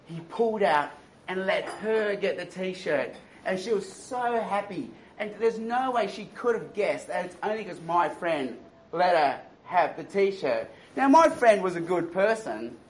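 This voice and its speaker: A man's voice: sits high, a little hiss or hum, rough recording. A man preaching a sermon, telling stories and mocking smug attitudes with playful impressions. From Australia. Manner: animated storytelling with mocking impressions.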